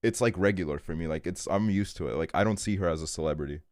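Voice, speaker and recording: A man's voice: low voice, fast talker, a little mellow, no echo. A young man streaming a game, telling a casual story in a rambling way, full of fillers and swearing. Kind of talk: casual storytelling while gaming.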